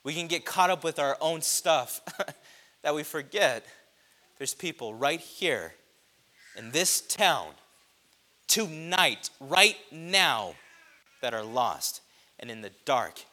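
Impassioned preacher man, lively high voice. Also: slow, long pauses. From grew up on a reservation. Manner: impassioned, swells loud on repeated phrases. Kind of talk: sermon.

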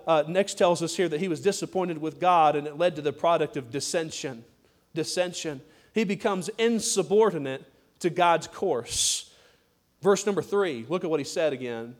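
A male pastor delivering a sermon in church, pressing each point through repetition. His voice sits high for a man, and he goads the congregation to respond. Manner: emphatic, repetitive, prodding the congregation. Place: church service.

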